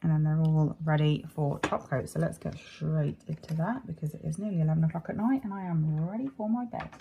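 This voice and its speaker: A woman's voice: low-pitched, a little fast, vocal fry, hardly any pauses, highs cut off, very noisy. A woman chatting casually as she talks through a nail art tutorial, rambling and correcting herself as she goes. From United Kingdom. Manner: chatty, self-interrupting, apologetic. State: hiccuping.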